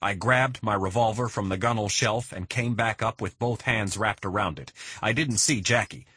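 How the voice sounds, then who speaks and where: A man narrating a first-person crime thriller in a steady, measured reading. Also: fairly low pitch, breathy edge, no room sound. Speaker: audiobook narrator.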